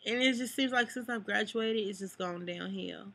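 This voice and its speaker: A woman's voice: medium pitch, moderate pace, creaky, fairly bright tone. A young woman talking to her camera in a personal vlog, rambling and full of "like", close to tears at times. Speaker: vlogger. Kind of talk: emotional personal vlog talk. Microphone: camera mic.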